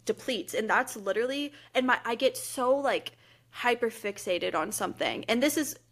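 A woman's voice: a little high, lively intonation, fairly bright tone. Bubbly young woman chatting on a podcast. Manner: bubbly, gushing, quick laughs. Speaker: podcast co-host. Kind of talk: casual chat.

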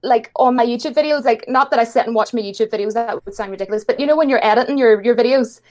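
A young woman with an Irish accent, chatting casually as a guest and telling stories quickly with lots of fillers and giggles. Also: a little high, darkish tone. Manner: chatty, giggly, fast storytelling with many fillers. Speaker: guest YouTuber. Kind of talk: casual chat.

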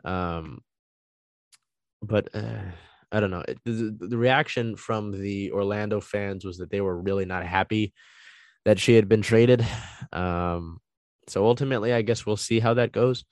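Man, lowish voice, dry close sound, casual solo recap with lots of filler words. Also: measured pace, a little mellow, dry recording. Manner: conversational, frequent ums and uhs, thinking aloud.

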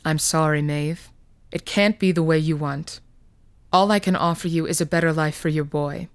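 A woman voicing a calm, persuasive fairy prince in a told story, speaking in a low, reasoning way. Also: normal speed, clean tone, no echo. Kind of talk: storytelling podcast reading.

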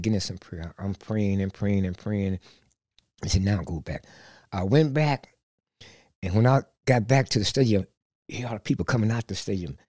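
A man guest, a street preacher, telling animated stories and acting out the people he quotes, often repeating words. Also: fairly low pitch, no room sound, studio quality. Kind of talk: animated storytelling.

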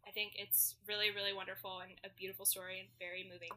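A woman's voice: medium pitch, level tone, fast talker, sharp tone. A woman co-hosting a podcast, chatting casually and laughing often as she recaps a musical. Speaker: podcast co-host. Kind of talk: casual chat summarizing a musical.

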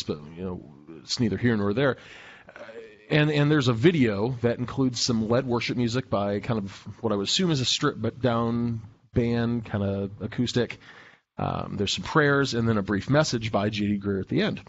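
A man's voice: on the low side, slightly rough. A man from Nebraska co-hosting a podcast, explaining things hesitantly with many fillers and restarts. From Lincoln, Nebraska. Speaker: podcast co-host. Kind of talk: casual podcast discussion. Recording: dull lo-fi sound.

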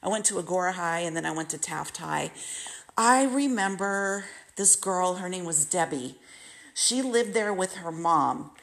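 A woman hosts her own podcast, telling personal stories at an unhurried, deliberate pace. She talks earnestly and slips into lively quoted voices of the people she recalls. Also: medium pitch. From United States. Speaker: podcast host. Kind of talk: personal storytelling monologue.

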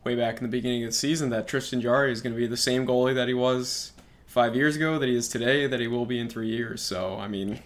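A man's voice: medium pitch, fairly even intonation, quick pace. A man co-hosting a podcast, talking casually and hesitantly with many fillers. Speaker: podcast co-host. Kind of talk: casual sports chat.

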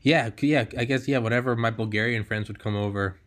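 Young adult American male podcast host; relaxed, profane, quick to laugh. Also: mid-range voice. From United States. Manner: laid-back, swears freely, laughs often. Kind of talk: casual podcast interview.

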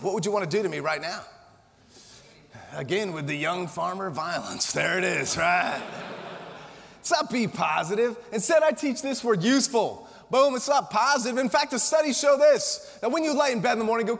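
An American man in his forties giving a humorous, energetic motivational keynote to a live audience, telling punchy, joking stories. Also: high-pitched, fairly quick, creaky. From Colorado, USA. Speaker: motivational speaker. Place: conference hall before an audience. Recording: long reverb of a conference hall.

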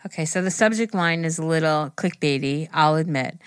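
Low-pitched laid-back woman podcaster. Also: brisk, clear, resonant tone, dry recording. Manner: easygoing, giggly, swears casually. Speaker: podcast co-host. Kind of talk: casual chat, reading listener emails.

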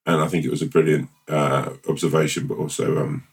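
A man co-hosting a podcast, chatting casually and telling a rambling, playful made-up story with halting restarts. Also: extremely low pitch, little pitch movement, gravelly, far from the mic. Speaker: podcast co-host. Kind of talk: casual chat and improvised storytelling.

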